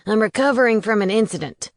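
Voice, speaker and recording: A woman's voice: mid-range voice, fast talker, no echo, studio quality, lightly acted. A woman narrator voicing a brusque, smug male sheriff with a curt manner. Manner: curt, condescending.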